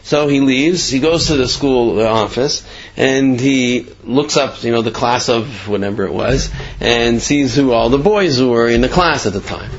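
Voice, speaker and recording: Man, casual storyteller, rambling, lots of fillers, medium pitch, slightly dull lo-fi recording. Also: normal speed. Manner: rambling, heavy on fillers and asides.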